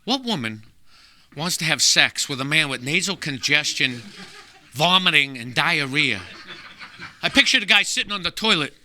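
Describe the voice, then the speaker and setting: A man performing a stand-up comedy set as guest comedian, gruff and wisecracking, slipping into voices. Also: fairly high pitch, expressive, normal speed, bright, forceful tone, a little hiss or hum. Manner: gruff, wisecracking storyteller who slips into voices. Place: small live venue.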